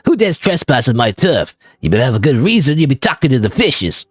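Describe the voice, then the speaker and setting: A man voicing a tough male mobster boss with a put-on New York accent, gruff and threatening. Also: mid-range voice, very animated, a little fast, dry recording, faint music behind, pitched above the performer's own voice. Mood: menacing.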